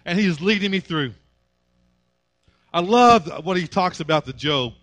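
A man's voice: sits high, lively intonation, normal speed, a bit bright, no room sound. A male pastor preaching a sermon in an emphatic, repetitive style.

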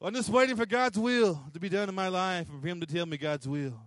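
Male pastor, high voice, dry close sound, punchy repetitive sermon delivery. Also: a little fast, fairly bright tone, dry recording. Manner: emphatic, repetitive, acts out quotes.

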